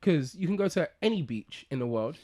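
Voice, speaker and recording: A man's voice: on the high side, animated, fairly quick, a little mellow. A man co-hosting a podcast, speaking eagerly and emphatically. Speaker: podcast co-host. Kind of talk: casual chat.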